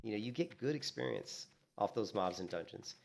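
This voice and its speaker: A man streaming a game, chatting casually and telling animated stories, acting out what others said and filling in with "you know" and "like". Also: fairly low pitch, moderate pace, gravelly. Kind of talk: casual gaming stream chat.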